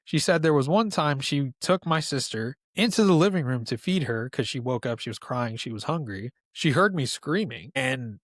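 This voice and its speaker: Casual NY guy in his thirties, lively storyteller, dry close sound. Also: medium pitch, moderate pace, few pauses, no echo. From New York, USA. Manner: animated storyteller, laughs often. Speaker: podcast guest.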